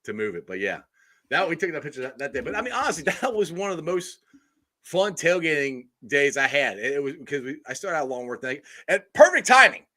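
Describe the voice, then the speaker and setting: A man's voice: fairly high pitch, very animated, a little fast, bright, forceful tone. A middle-aged man, co-hosting a casual sports podcast, rambling with lots of laughter and restarts. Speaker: podcast co-host.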